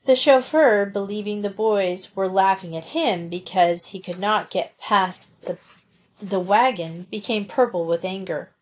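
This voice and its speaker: A woman's voice: mid-range voice, a little slow. Woman narrating a storybook. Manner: steady, expressive reading. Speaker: audiobook narrator.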